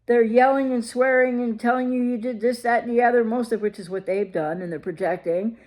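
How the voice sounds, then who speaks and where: A woman's voice: on the high side, steady tone, brisk, darkish tone. A woman recovery coach talking straight to her viewers, emphatic and full of rhetorical questions. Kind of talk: direct-to-camera advice talk.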